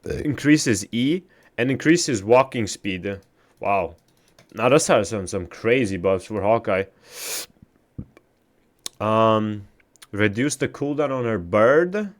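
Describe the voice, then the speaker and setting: A man streaming a game live, chatting casually with his chat, swearing often and reacting loudly to what he reads. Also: lowish voice, lively intonation, slow pace, long pauses.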